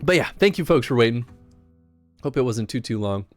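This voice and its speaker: Chatty man streaming, lively pitch. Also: brisk, no echo, faint music behind. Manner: rambling, with restarts and laughter. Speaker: livestream host. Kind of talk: casual chat while streaming a game.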